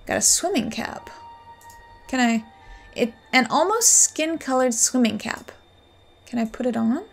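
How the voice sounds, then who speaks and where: A woman's voice: on the high side, lively intonation, a little slow, creaky, soft background music. A woman playing a game and reading its text aloud in casual, playful commentary with giggly asides. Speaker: let's player.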